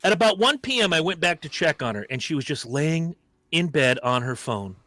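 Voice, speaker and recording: Bright-voiced, sarcastic podcast host man. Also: on the high side, a little fast, dry recording. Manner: animated, sarcastic, swears freely. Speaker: podcast host reading a listener story. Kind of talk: casual comedic podcast chat.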